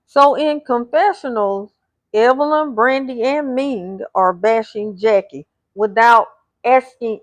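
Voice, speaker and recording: Recap host: a woman, high voice, unhurried delivery, retelling the drama with pointed remarks. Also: no echo. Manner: retells scenes, reading out the cast's lines; blunt asides addressed to the cast. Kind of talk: episode recap narration.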